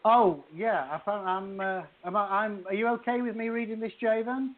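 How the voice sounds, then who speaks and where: A man's voice: high-pitched, fairly even intonation, normal speed. Man on a tinny call. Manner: rambling, many restarts. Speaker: author guest. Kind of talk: casual podcast chat and book reading. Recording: tinny phone-like call audio.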